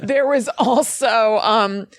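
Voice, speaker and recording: A woman's voice: fairly high pitch, takes it slowly. Chatty woman co-hosting a podcast. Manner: chatty, rambling, many fillers and laughs. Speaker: podcast co-host. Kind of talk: casual chat.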